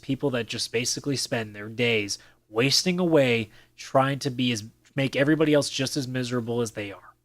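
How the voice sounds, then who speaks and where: A man with a mid-range voice hosts a casual solo podcast, speaking bluntly, swearing a lot, and now and then mocking other players by imitating them. There's no echo, and he's recorded on a desk-mounted camera with a mic.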